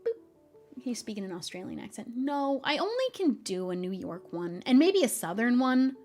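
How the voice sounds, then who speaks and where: A young woman streaming from home, chatting casually with viewers, laughing often and speaking in a gentle, encouraging way. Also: a little high, very animated, moderate pace, soft background music. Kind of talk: casual chat reading viewer messages.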